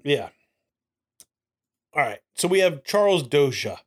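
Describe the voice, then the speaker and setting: A man co-hosting a casual podcast, animated, often repeating lines for laughs. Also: on the high side, measured pace. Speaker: podcast co-host.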